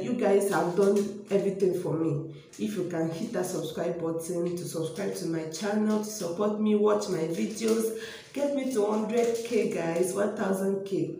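A young woman with a Nigerian accent talks straight to her viewers in a casual vlog, excitable and prone to repeating herself. Her voice is warm and mellow. The small room she records in at home is very echoey. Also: medium pitch. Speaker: vlogger. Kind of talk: casual vlog talking to camera. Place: home room by a toilet, indoors.

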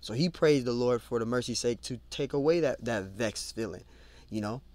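Guy doing a laid-back bible study, reads verses slow then rambles through them, dry close sound. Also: medium pitch, a little mellow, dry recording. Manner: conversational, repeats and restarts words, adds "man" and "you know"; reads scripture aloud slowly, then lists word meanings. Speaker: Bible teacher. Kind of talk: informal Bible study talk.

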